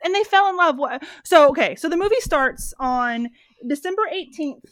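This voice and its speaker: A woman's voice: high-pitched, lively intonation, moderate pace, a bit bright, no echo. A woman in her thirties chatting casually on a podcast, rambling with lots of fillers and swearing freely. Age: 30s. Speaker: podcast co-host. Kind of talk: casual movie recap chat.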